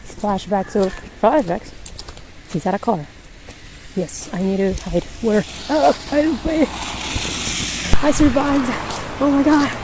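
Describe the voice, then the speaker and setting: A woman's voice: fairly high pitch, mellow, slight background noise, rough recording. A woman hosting a podcast, chatting in a rambling casual way while walking outdoors on a snowy street, laughing often and a little winded. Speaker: podcast host.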